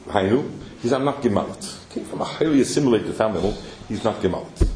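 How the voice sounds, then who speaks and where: A man's voice: on the low side, fast. Man telling a story in an echoey room. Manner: animated storyteller mixing Yiddish and Hebrew terms. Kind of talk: storytelling sermon.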